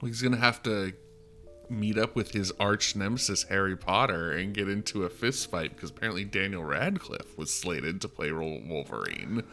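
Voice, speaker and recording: A young man chats loosely about films on a podcast, often trailing off at the ends of his thoughts. His tone is bright and forceful, with faint music behind. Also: low-pitched, animated, normal speed. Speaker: podcast co-host. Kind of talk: casual movie podcast chat.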